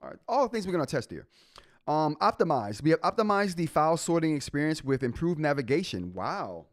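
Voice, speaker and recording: Animated man hosting a tech stream. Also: on the high side, brisk, no echo. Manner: reads update notes aloud and reacts to chat. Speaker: tech show host. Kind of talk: live-stream casual tech talk.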